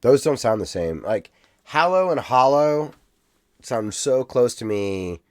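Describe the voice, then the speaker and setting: A man's voice: lowish voice, animated, measured pace, warm tone, no echo, studio quality. A man with an Ohio accent co-hosting a podcast, chatting casually and reading out listener comments. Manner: chatty, reads listener comments aloud, laughs easily. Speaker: podcast co-host.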